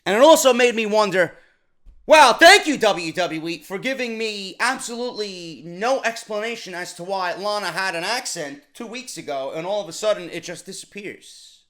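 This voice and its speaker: A man's voice: sits high, lively intonation, moderate pace, few pauses, a bit bright. A man reviewing a wrestling show in a blunt, profane, exasperated rant, often stumbling over repeated words. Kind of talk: ranting solo show review.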